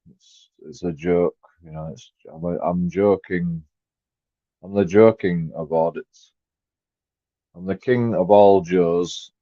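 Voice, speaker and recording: A man with a low voice rambles through a live stream, cursing freely and lurching from mutters to sudden loud bursts. The recording is dry and dull, a muffled lo-fi capture with no room sound. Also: no room sound. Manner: rambling, profane, jumps between mumbled asides and loud outbursts.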